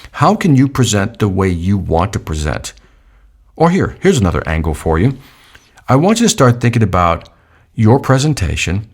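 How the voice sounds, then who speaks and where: A man's voice: lowish voice, creaky, husky. A middle-aged man giving a sales training talk, emphatic, repeating key points and acting out customer and presenter lines.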